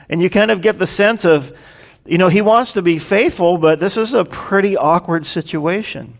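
A man's voice: sits high, moderate pace, creaky. A man preaching a sermon, reading scripture aloud and explaining it in an earnest, conversational way, briefly acting out the people in the passage. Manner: earnest, explanatory, acts out quoted prayers. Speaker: pastor. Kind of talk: expository sermon.

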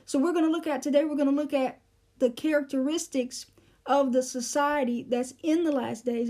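A woman with a high, soft-toned voice leads a verse-by-verse Bible teaching. She explains the meaning of each Greek word at an unhurried pace, pausing often with fillers and restarting her phrases. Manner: explanatory, breaks down Greek words, frequent fillers.

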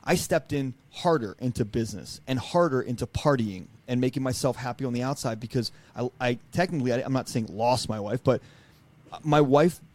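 A man's voice: mid-range voice, fairly quick, darkish tone. Man in his thirties, guest coach; blunt, emphatic storyteller who swears and acts out his past conversations. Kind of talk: candid personal storytelling.

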